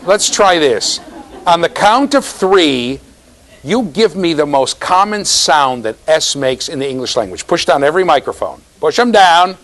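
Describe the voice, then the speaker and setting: A man's voice: on the high side, expressive, a little slow, fairly bright tone, low-quality recording. A man giving a university classroom lecture, teasing students and checking in with "right?".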